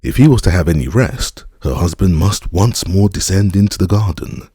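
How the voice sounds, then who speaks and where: A man narrating a fairy-tale audiobook in a measured storytelling manner. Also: sits low, animated, warm tone, husky, no room sound, clean studio sound.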